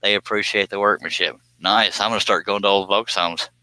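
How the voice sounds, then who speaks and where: A man's voice: fairly low pitch, steady tone, fairly quick, bright, forceful tone, clear, resonant tone, no room sound. A man hosting a woodworking live stream in casual chat, reading out viewer comments, joking and teasing, often laughing.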